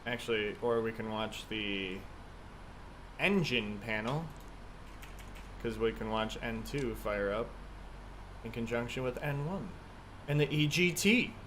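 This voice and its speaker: A man's voice: medium pitch, a bit bright, a little hiss or hum. Chatty male flight sim streamer. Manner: chatty, thinking aloud through checklists. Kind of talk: casual live-stream commentary.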